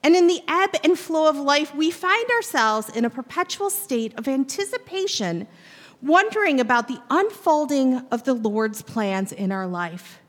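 A woman's voice: high voice, very animated, measured pace, long reverb tail. A woman pastor preaching a sermon to her congregation. She talks expressively and addresses the listeners directly. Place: church sanctuary.

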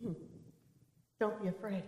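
A woman pastor preaching a sermon, telling the story in a lively, animated way. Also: medium pitch, a little slow. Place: church. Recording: roomy church echo.

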